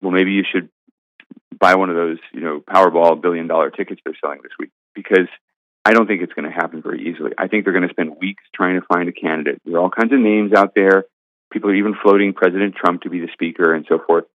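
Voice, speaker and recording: A man's voice: low-pitched, steady tone, fast, dry recording. A man, a senior editor, giving emphatic, argumentative political commentary in an interview. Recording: tinny phone line.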